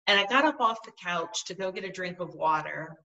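A woman's voice: lowish voice, lively intonation, brisk, bright, forceful tone, far from the mic, dull audio. A woman guest in an interview, telling a personal story in an earnest, vivid way. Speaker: podcast guest.

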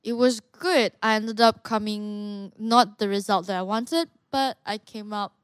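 In a casual podcast conversation, a young woman from Malaysia who fights in martial arts speaks earnestly and talkatively, frequently starting her sentences over. Her voice is mid-range, steady and unhurried, with a clean tone in a studio-quality recording free of echo.

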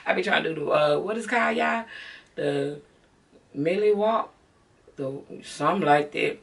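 Chatty Southern woman with a gravelly voice. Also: low voice, normal speed, recorded from a distance. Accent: Southern American. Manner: chatty, talks straight to viewers as y'all. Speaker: beauty vlogger. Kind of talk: casual haul vlog to camera.

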